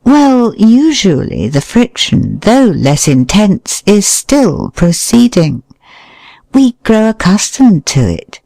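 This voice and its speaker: An audiobook reader giving a measured, expressive narration of a nonfiction book, briefly voicing short quoted remarks. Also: medium pitch, creaky, no echo, clean studio sound.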